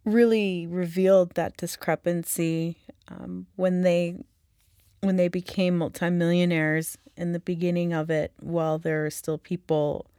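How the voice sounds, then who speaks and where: A woman hosting a podcast, speaking in a slow, measured and thoughtful way. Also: on the low side, flat delivery, warm tone, no echo, clean studio sound. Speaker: podcast host. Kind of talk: reflective interview conversation.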